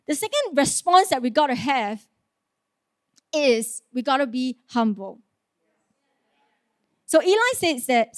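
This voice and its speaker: High-voiced woman preaching a sermon. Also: no echo, clean studio sound. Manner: earnest, conversational, with rhetorical questions and light laughs.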